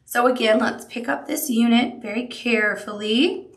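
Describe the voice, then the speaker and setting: A woman's voice: on the high side, moderate pace, roomy sound. A woman giving a chatty, upbeat sewing tutorial, cooing over cute little details as she works. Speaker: quilting instructor.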